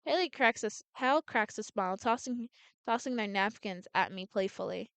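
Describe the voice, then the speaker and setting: A woman's voice: mid-range voice, normal speed, a bit bright, clean tone, no room sound. A woman reading a visual novel aloud as a gameplay streamer, voicing every character in her own voice and often restarting words.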